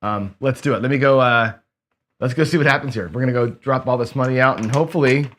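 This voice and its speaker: A middle-aged man with a hoarse voice, hosting a casual gambling show and chatting loosely with many fillers and restarts. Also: mid-range voice, fast talker, a bit bright. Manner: rambling, filler-heavy, frequent restarts. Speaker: host.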